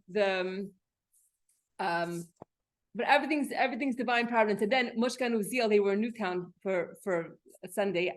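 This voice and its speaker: A woman teaching a Torah class in a casual, animated way, telling personal stories and often restarting her phrases. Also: mid-range voice.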